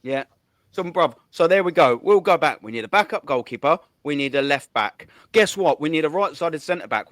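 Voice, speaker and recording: A man tears into his subject in a heated fan rant, swearing freely and counting off points one after another. His voice sits a little high, and the sound is dry and close. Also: a bit bright, no room sound. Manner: fast, swearing, repetitive counting. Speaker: host.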